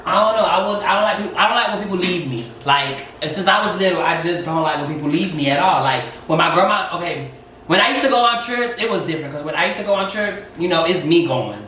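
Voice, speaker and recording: A man's voice: sits high, fast, slight background noise. A man talking openly and animatedly at home, telling stories and acting out quotes. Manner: open, animated storytelling with acted-out quotes. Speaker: co-host. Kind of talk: casual chat. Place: home kitchen. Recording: echoey room, mic far off.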